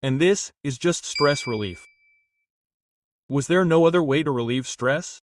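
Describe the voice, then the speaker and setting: A man narrating a dramatic first-person life story in an even, steady reading voice. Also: fairly high pitch, unhurried, dry recording, studio quality, distant mic.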